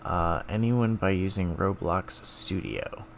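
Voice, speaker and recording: A man's voice: sits low, takes it slowly, gravelly, slight background noise. A man streaming live, thinking aloud in a self-mocking casual way while taking quizzes.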